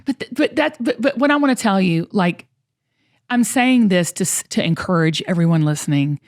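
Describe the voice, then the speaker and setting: A woman's voice: mid-range voice, animated, normal speed, a little mellow. A woman hosting a podcast, talking in an earnest, encouraging way and repeating words as she gets going. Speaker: podcast host. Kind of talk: casual podcast chat.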